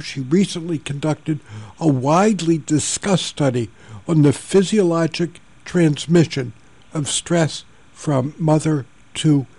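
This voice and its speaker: An older man hosting a radio talk show, his voice gravelly and a touch higher than most men's. He has a mellow, dark tone and speaks in a gentle storytelling way. The recording is dry and close, with no room sound. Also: dry recording.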